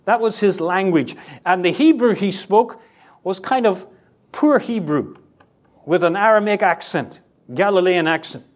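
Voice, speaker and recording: A man preaching a sermon to a congregation, animated and acting out the voices of the people in his story. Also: unhurried. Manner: animated, acts out quoted voices with sharp pitch swings.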